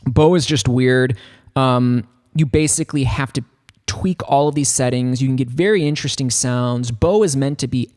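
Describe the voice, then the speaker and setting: A man's voice: mid-range voice, moderate pace, darkish tone, soft background music. Rambling man teaching a synth plugin. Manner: rambling, loose, full of 'like' fillers. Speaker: music production tutor. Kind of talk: casual software synth tutorial. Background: faint synth keyboard notes.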